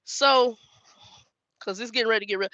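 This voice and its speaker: A woman's voice: fairly high pitch, a little fast, bright, forceful tone, no echo. Woman, 50s, trucker vlogger, storyteller who quotes herself, dry slightly dull recording. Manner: chatty storytelling, quoting herself. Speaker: truck driver trainer. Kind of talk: casual chat to viewers.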